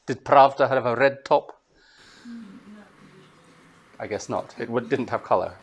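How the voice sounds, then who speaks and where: A man from Scotland with a Scottish accent, giving a master class to students in an unhurried, explanatory way with thoughtful pauses. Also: medium pitch, breathy edge. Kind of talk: lecture to students.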